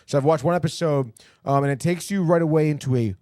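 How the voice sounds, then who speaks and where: A man's voice: on the high side, quick pace, a little mellow, no echo, clean studio sound. A man co-hosting a podcast in loose casual chat, swearing freely and calling everyone dude. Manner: swears often, says "dude" a lot. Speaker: podcast co-host.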